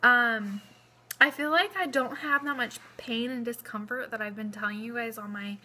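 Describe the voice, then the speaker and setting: A young pregnant woman talks into her phone camera in a casual vlog, rambling with lots of fillers and a slightly breathless edge. Her voice is a little high and quite bright. A faint hiss sits under the recording. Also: normal speed. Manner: chatty, rambling, many fillers. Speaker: vlogger. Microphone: phone camera close up.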